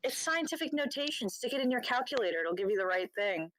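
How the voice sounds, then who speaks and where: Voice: medium pitch, big pitch swings, fast, a bit bright, a little hiss or hum, voice pushed up, poor audio. Someone putting on a prim, sing-song know-it-all. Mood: condescending.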